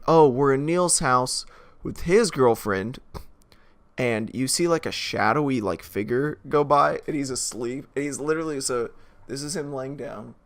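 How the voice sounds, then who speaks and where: A man's voice: medium pitch, creaky. A man giving a rambling, casual movie review, full of filler words and chuckles. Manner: rambling, many filler likes, laughs as he talks. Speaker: film reviewer.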